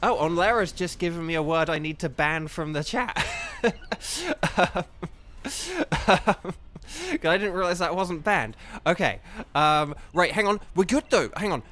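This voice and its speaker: A young man live-streaming a game and chatting, excitable and flustered, rambling with lots of fillers. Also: high-pitched, measured pace. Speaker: streamer and voice actor. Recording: faint game music behind.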